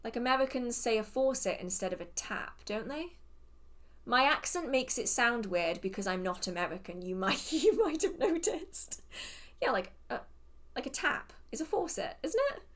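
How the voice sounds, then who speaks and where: A woman's voice: fairly high pitch, expressive, normal speed, fairly bright tone. Chatty English woman hosting a live Q&A. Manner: chatty and self-deprecating, laughing often; hums and mutters to herself while scrolling. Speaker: host of a live witchcraft Q&A. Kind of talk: casual livestream Q&A.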